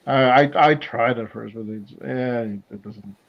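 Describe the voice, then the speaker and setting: A man's voice: mid-range voice, unhurried, vocal fry, lo-fi sound. A man hosting a casual chat while drawing, talking in a hesitant, rambling way. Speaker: podcast host.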